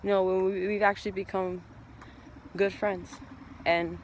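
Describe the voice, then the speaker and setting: A man's voice: high-pitched, flat delivery, measured pace, slight background noise. A man talking as a tarot reader in a casual spiritual vlog, rambling and heartfelt, swearing now and then.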